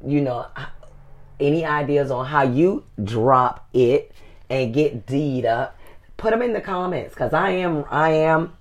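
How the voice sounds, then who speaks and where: A middle-aged woman co-hosting a casual advice show, folksy and calling people "honey". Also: low voice. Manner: folksy, says "honey" often, slow and drawn out. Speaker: co-host.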